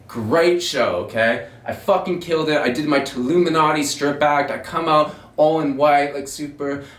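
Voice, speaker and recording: A man's voice: fairly high pitch, fairly bright tone, echoey room, distant mic. A man hosting his own show, telling a long personal story in a rambling, profane, self-mocking way. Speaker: podcast host telling a story. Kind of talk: casual storytelling monologue.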